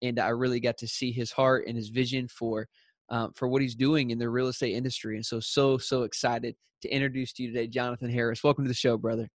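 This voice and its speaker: A man's voice: mid-range voice, flat delivery, fast talker, no room sound, clean studio sound. Eager Southern man hosting a faith podcast. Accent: American Southern. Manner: eager, many fillers and restarts, leads a prayer. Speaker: podcast host. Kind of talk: enthusiastic interview podcast.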